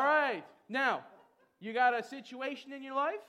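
A man preaching a lively sermon, chatty with many fillers and breaking into shouted calls to the congregation. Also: very high voice, moderate pace, muffled recording. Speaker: pastor.

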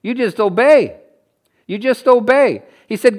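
A man from Canada preaching a sermon in an animated way, laughing and acting out the people he quotes. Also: very high voice, a little slow. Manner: animated, laughs often, acts out quoted voices.

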